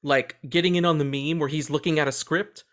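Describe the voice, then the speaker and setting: A man co-hosting a casual movie podcast, excitable, swearing freely and laughing often as he talks. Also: on the high side, fairly quick. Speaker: podcast co-host.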